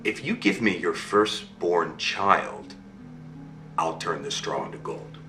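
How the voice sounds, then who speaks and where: A man voicing a sly, menacing male imp in a low, hushed, threatening tone. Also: slow pace, reverberant, distant mic, full character voice.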